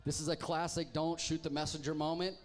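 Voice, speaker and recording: A man's voice: a little high, level tone, fairly quick. A man hosting a live pub trivia night, reading team names with wry, teasing jokes to the crowd. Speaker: trivia host. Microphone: handheld microphone.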